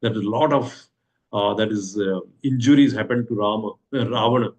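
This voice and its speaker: A man with an Indian accent teaches a scripture class in a lowish, darkish voice at a moderate pace. Retelling the story, he keeps asking the rhetorical question "what happens" and leans on frequent hesitant fillers.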